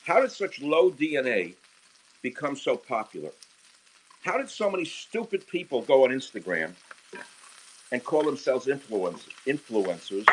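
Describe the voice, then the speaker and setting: A man's voice: medium pitch, slight background noise, poor audio. A man talking casually while cooking on a livestream from his home kitchen. He speaks into a handheld phone and slides into crude, heated rants. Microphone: handheld phone camera. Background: sizzling frying pan.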